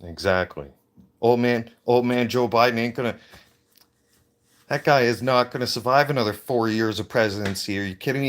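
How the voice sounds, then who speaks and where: A man's voice: mid-range voice, moderate pace. A man ranting in a heated, profane way into a handheld phone on a livestream. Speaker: veteran livestreamer. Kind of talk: angry livestream rant.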